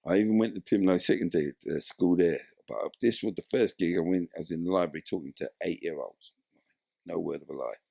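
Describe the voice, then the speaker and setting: With a deep voice, vocal fry, and a quick pace, the former footballer shares his story in a relaxed interview, animatedly doing the voices of those involved. The recording is dry and studio quality.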